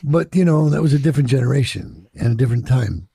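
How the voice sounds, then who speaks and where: An older man with a deeply gravelly, husky voice recalls his past, swearing freely and slipping into the voices of people he quotes. His tone is dark and mellow, and the recording is dry and close, with no room around him. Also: expressive, quick pace, no room sound. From Chicago. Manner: profane, reflective, acts out quoted voices. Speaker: interviewee. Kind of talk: candid storytelling in an interview.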